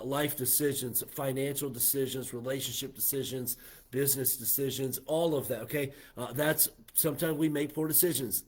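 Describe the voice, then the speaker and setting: Husky-voiced American pastor preaching. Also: male voice, medium pitch, darkish tone. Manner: earnest preaching with frequent "uh" and "okay". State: coughing fits. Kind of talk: sermon. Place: church.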